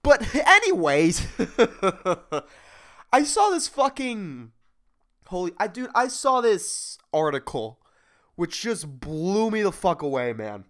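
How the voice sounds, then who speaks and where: A man's voice: high voice, huge pitch swings, takes it slowly, fairly bright tone. A man hosting a solo comedy podcast, rambling and swearing, laughing at his own jokes. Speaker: podcast host.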